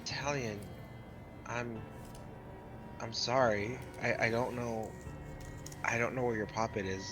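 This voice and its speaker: A man's voice: mid-range voice, steady tone, a little slow, over music. A man playing his character in a tabletop game, patient and placating. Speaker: player.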